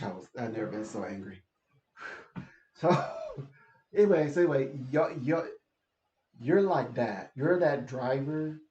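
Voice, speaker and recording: A man's voice: mid-range voice, darkish tone. A man talking in a casual, rambling monologue, laughing often and repeating words as he goes. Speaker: channel host. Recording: echoey room, slightly dull sound.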